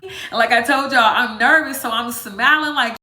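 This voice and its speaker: A woman's voice: a little high, moderate pace, sharp tone. A woman in her twenties telling a dramatic, slang-filled story straight to her viewers in a casual vlog. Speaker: vlogger. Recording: echoey room.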